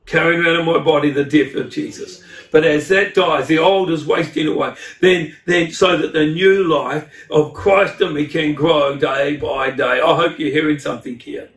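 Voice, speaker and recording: A male pastor preaching a sermon, fervent, with repeated words and loud climbs. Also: on the high side, steady tone, moderate pace. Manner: fervent, rising to loud exclamations. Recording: echoey hall, mic at a distance.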